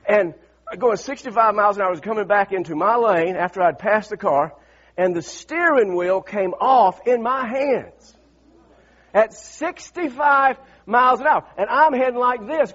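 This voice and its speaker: High-voiced husky preacher man. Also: dull audio. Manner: calls on congregation to repeat lines, builds to shouts. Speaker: pastor. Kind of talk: sermon with personal story.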